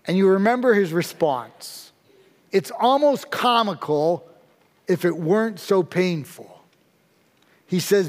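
A man's voice: high-pitched, expressive, slow pace, pauses often. A man preaching a sermon as a pastor, speaking emphatically and building intensity through dramatic repetition. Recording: long reverb of a large hall.

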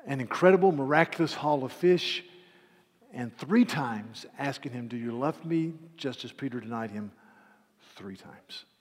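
A man preaching a sermon, earnest and dramatic, retelling a scripture scene with hushed, quoted lines. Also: mid-range voice, expressive, a little slow. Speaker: pastor. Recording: long hall reverb.

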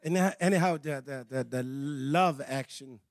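A man preaching a sermon, animated, moving from quiet asides to shouts, with halting repeats and slightly non-native phrasing. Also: mid-range voice, dry recording, clean studio sound.

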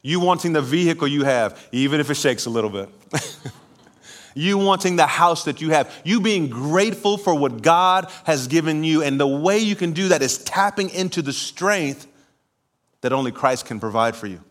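A man preaching a sermon in church, telling a lively personal story with laughter before calling the congregation to respond. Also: fairly high pitch, moderate pace. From California. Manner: animated storytelling, laughing at himself, then preaching and calling for amens. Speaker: pastor. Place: church sanctuary.

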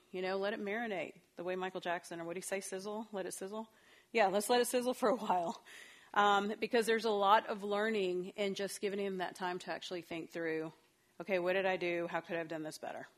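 A middle-aged woman runs a parenting workshop for a group, talking casually and animatedly and laughing often. She speaks fast at a medium pitch.

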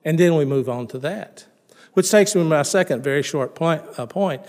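A man's voice: a little high, animated, normal speed, darkish tone. A middle-aged man preaching a sermon as pastor, in a conversational way, repeating and restarting words and asking his listeners questions. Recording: long reverb in a large hall.

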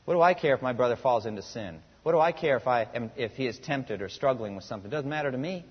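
A man's voice: mid-range voice, lively intonation, fast, breathy edge. A male pastor preaching a sermon, asking the congregation rhetorical questions and reading scripture aloud with rising emphasis. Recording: muffled recording in a reverberant hall.

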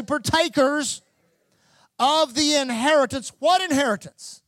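High-voiced preacher, dry close sound. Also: male voice, dry recording. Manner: preaching with rising, shouted repetition. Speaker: pastor. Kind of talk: sermon.

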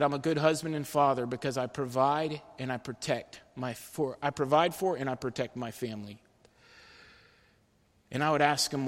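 Earnest man preaching in a reverberant hall. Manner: earnest, swings between loud emphasis and soft low-voiced appeals. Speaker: pastor. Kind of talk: sermon. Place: church sanctuary. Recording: long reverb of a church hall.

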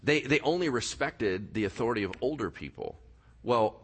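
A man over forty preaching a sermon, swinging from quiet low passages to loud raised ones. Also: lively intonation, moderate pace, husky. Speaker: pastor.

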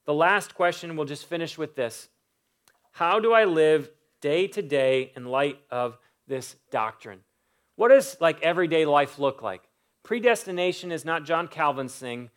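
A man's voice: on the high side, expressive, unhurried, fairly bright tone. A man preaching a sermon, building emphatic lists and stressing key words. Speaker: pastor.

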